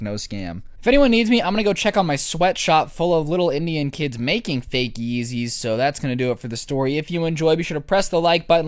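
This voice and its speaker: A young man telling a comic story to camera, sarcastic, with crude deadpan asides. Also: medium pitch, no echo. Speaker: vlogger.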